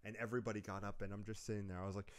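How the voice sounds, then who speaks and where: A young man telling lively stories in a casual chat, often laughing mid-sentence. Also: lowish voice, rapid-fire. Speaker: podcast co-host.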